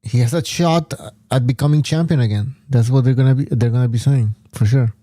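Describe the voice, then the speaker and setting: A man on a boxing podcast panel, measured and hedging, reading out the chat. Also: mid-range voice, warm tone, no echo.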